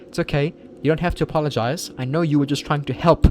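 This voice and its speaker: Gentle teenage schoolgirl, polite, reassuring, soft-spoken, voiced by a man, game dialogue. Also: a little high, fairly even intonation, quick pace, noisy background, pitched above the performer's own voice, natural voice. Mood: kind. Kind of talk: reading game dialogue aloud.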